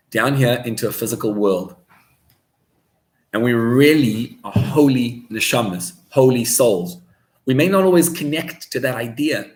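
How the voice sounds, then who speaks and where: Brief: male rabbi, animated sermon storyteller, middle pitch, echoey room. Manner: animated storyteller, mixes in Hebrew and Yiddish words. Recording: roomy echo.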